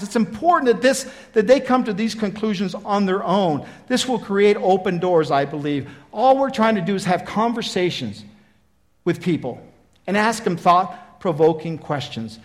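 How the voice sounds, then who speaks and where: A male preacher with a high-pitched voice delivers a folksy, conversational sermon. He acts out Bible dialogue with animated emphasis. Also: normal speed.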